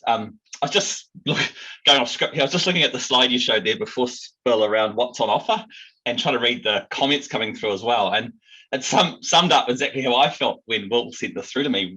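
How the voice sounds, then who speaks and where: NZ man, union president, earnest rallying speech, bright husky tone, lo-fi audio. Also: mid-range voice. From New Zealand. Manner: earnest, rallying, many ums. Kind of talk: recorded speech to union members.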